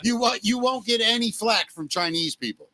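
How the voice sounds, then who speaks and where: A man's voice: high voice, expressive, moderate pace, background noise. A man hosting a podcast, chatting casually in an enthusiastic, blunt way. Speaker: podcast host.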